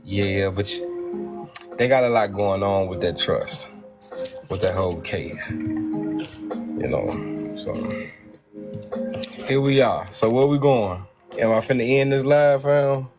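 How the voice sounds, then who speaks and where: A man's voice: on the low side, takes it slowly, long pauses, music in the background. A man hosting a late-night livestream in casual chat, laid-back and slangy, sounding tired. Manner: laid-back slangy, calls listeners beloved. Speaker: livestream host.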